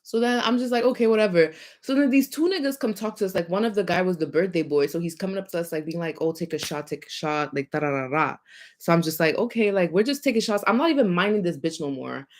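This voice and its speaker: A young woman with a somewhat low voice tells a storytime rant straight to her viewers. She swears freely and fills every pause with "like". She swings from loud, punchy emphasis to low muttered asides. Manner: animated, profane, heavy use of filler "like". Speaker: vlogger.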